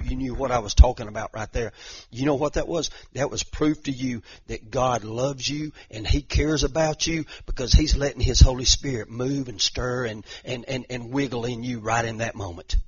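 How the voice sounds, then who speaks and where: A man's voice: medium pitch, breathy edge. A middle-aged male pastor preaching a sermon, conversational with restarts and repeated words, building to impassioned, emphatic repetition. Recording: dull lo-fi recording.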